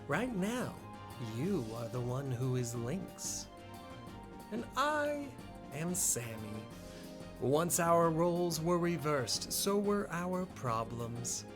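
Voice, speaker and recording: A man voicing a calm, scheming male cat-man villain, speaking slow and measured. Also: fairly high pitch.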